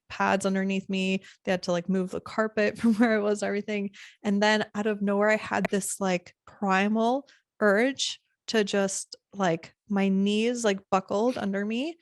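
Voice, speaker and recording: A young woman with a gravelly edge tells a story to her podcast guest, animated and quick to act out the voices of others. The sound is close and dry, with no room around it. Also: mid-range voice, dry recording. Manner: animated, acts out quoted lines with laughter. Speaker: podcast host. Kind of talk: casual storytelling chat.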